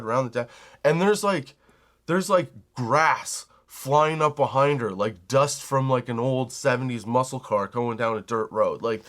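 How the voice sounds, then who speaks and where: Brief: young male comic host, loose and rambling, profane, storytelling mode. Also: medium pitch. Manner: rambling, animated, swears casually. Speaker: comedy podcast host. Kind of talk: casual storytelling monologue.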